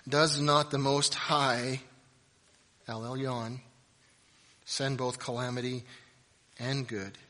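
A male pastor delivering a sermon, swinging between loud, emphatic passages and quiet, reflective ones. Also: medium pitch, level tone, slow pace, long pauses, big-room sound.

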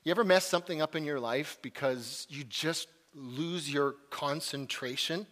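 A man telling a personal story in a sermon, animated and lively, sometimes dropping to a hushed voice. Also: fairly high pitch, moderate pace. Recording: long hall reverb.

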